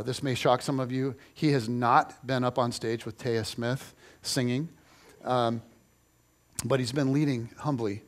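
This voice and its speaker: A middle-aged male pastor preaching a sermon, telling stories with lively repetition for emphasis. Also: medium pitch. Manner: animated storytelling, repeats phrases for emphasis.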